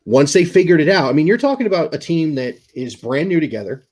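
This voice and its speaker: A man from New York on a casual sports podcast, talking in a measured, thoughtful way. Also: on the high side, very animated, a little mellow, breathy edge.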